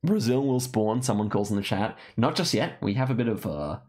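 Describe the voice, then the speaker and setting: A young Australian man hosting and casually commentating a streamed geography game, chatty and excitable, talking to his chat. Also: fairly low pitch, fairly quick. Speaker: host and player.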